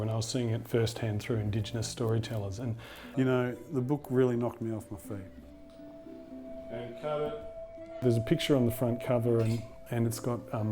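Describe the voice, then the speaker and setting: A man from Australia, a former teacher, speaking reflectively in a documentary interview. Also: mid-range voice. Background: soft guitar music.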